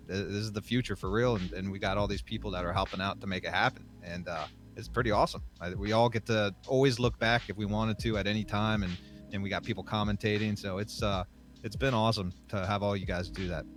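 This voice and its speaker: A man's voice: fairly low pitch, steady tone, fast talker, music in the background. A man talking casually on a podcast, reflective and rambling with many fillers.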